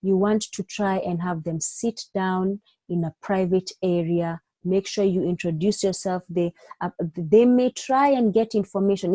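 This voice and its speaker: Woman, medical exam tutor, instructive, checks in often, mellow tone, mid pitch. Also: unhurried, dry recording. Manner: instructive, checks in with frequent "okay?"; acts out doctor and patient lines in her own voice. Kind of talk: online exam-prep lecture.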